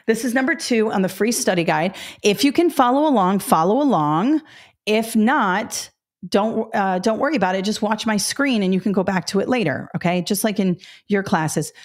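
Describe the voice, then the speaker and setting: A woman's voice: medium pitch, animated, normal speed. A middle-aged woman leads a test-prep webinar in an explanatory, step-by-step way. She talks right to her viewers and catches her own slips. Her throat sounds a little dry. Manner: explanatory, self-correcting, addresses viewers directly. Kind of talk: webinar lesson.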